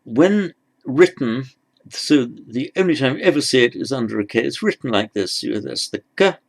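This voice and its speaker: A man teaching script letters, talking haltingly as he writes and repeating words as he goes. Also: medium pitch, lively intonation, vocal fry. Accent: British. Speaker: language teacher. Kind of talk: handwriting lesson.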